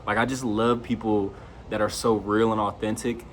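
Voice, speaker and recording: A man's voice: fairly low pitch, little pitch movement, moderate pace, a bit bright, a little hiss or hum. A young man talking straight to camera in a loose, slangy monologue, raising his voice when he quotes his friends. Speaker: vlogger.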